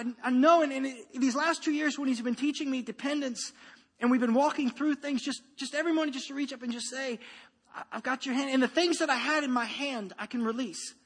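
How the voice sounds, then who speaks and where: Pastor man, thirties, high bright voice, chatty sermon delivery with lots of "right?", reverberant church hall. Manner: conversational, repeats "right?" and restarts.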